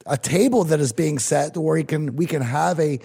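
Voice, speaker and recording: A man's voice: on the high side, normal speed, creaky, dark tone, slightly rough. A man co-hosting a podcast, reflecting at length on the guest's story, thinking aloud with restarts. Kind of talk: reflective interview commentary.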